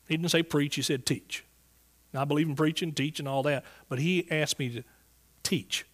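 A man's voice: a little high, steady tone, normal speed. Folksy Southern preacher man. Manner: folksy, earnest storytelling with restarts. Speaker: Bible teacher. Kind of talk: sermon testimony. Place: church service before a congregation.

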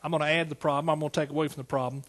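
A man's voice: a little high, little pitch movement, very fast, fairly bright tone. A man, a pastor preaching a sermon in a folksy, storytelling way that rises to emphatic praise. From East Texas.

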